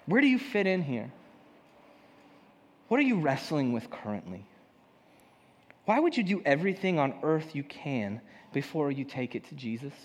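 A man's voice: a little high, very animated, normal speed, long pauses. Man, young adult, pastor, self-deprecating storytelling sermon, long reverberant hall. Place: church hall.

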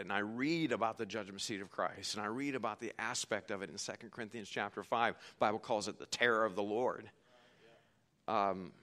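A man's voice: mid-range voice, a bit bright. A male pastor preaching a sermon in a folksy, joking, emphatic way.

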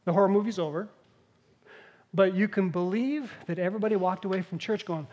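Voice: mid-range voice, a little fast, a little mellow, muffled recording. A pastor giving a conversational sermon, explaining scripture and acting out the scenes. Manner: conversational, explanatory preaching with acted-out quotes.

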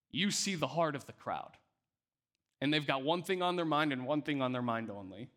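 A man's voice: fairly high pitch, a bit bright. A male pastor preaching a sermon, speaking emphatically and often repeating words as he restarts.

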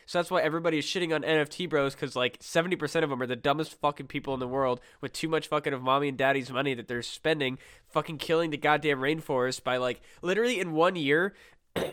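A man's voice: fairly high pitch, fast, a bit bright, clean tone, no room sound, clean studio sound. A young man from Iowa hosting a casual podcast chat, ranting with constant swearing and restarts. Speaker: podcast host.

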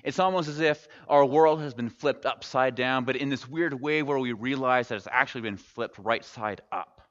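A male pastor preaching a sermon, telling the story in a relaxed, conversational way and dropping wry jokes along the way. His mid-pitched voice rings out with a long reverb through a church sanctuary. The recording sounds dull and lo-fi. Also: moderate pace. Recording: echoey hall, dull lo-fi sound.

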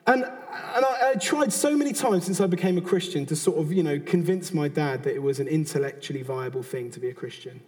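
This sermon comes from a man in his thirties from Britain with a British accent, his voice slightly high, animated and darkish, moving fairly quickly with few pauses. He sounds earnest and conversational, frequently restarting and adding asides. A long hall reverb surrounds the recording.

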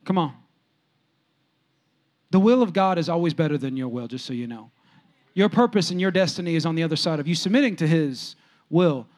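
High-pitched guy preaching, chatty storytelling, goes soft then suddenly loud and excited. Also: fast talker. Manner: animated, jumps sharply higher and louder when excited, then drops soft; conversational, storytelling preacher with casual slang. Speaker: pastor. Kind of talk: sermon with audience interaction.

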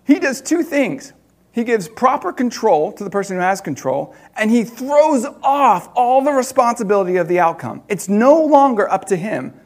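A man preaching, telling a personal story in an animated way with laughter between loud and hushed moments. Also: high voice, moderate pace.

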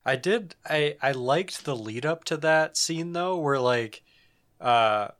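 A man's voice: on the high side, animated, slow pace, a bit bright. Easygoing man in casual chat. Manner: laughs often, easygoing. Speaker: podcast co-host.

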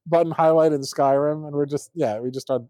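A man's voice: fairly high pitch, steady tone, fairly quick, dark tone, no room sound. A man hosting a casual political podcast, reading articles aloud and mocking them with sardonic asides. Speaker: podcast host.

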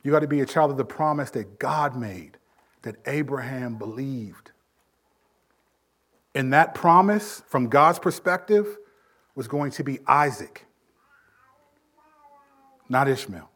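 A man preaching a sermon as pastor, building emphasis with sudden swells in volume and dropping low to make a point. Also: expressive, takes it slowly, pauses often, a bit bright.

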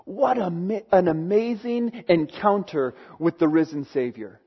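A man's voice: high-pitched, lively intonation, unhurried, husky. A man preaching an earnest sermon, sometimes stumbling over his words, on a dull, lo-fi recording. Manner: earnest, with restarts when moved. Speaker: pastor.

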